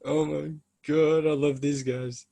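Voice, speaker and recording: A man co-hosting a casual podcast, reacting in a relaxed way and laughing along. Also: a little high, slow, gravelly, a little hiss or hum. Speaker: podcast co-host. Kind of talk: casual chat.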